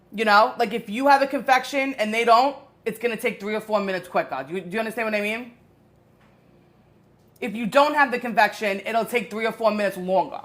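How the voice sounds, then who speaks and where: Woman host, casual live cooking stream, chatty and rambling. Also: a little high. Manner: chatty, greets viewers, rambling asides.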